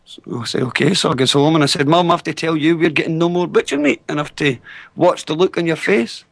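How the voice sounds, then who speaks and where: A man's voice: fairly high pitch, steady tone, fast talker, creaky, no room sound. Scottish man telling rambling stories. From Scotland. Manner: rambling anecdotal storyteller with restarts. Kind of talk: casual chat.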